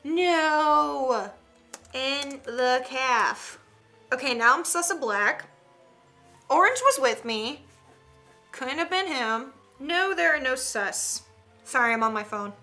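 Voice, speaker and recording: A young woman, commenting on an online game in a chatty, excitable way with gasps and giggles. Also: high-pitched, slow pace, long pauses, faint music behind. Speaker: gaming streamer. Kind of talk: casual gameplay commentary.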